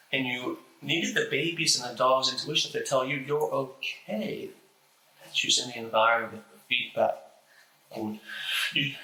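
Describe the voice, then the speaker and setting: A man with a stutter reciting a spiritual lecture as the host, slow and deliberate, with pauses. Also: mid-range voice, pushed and bright, roomy sound, rough recording.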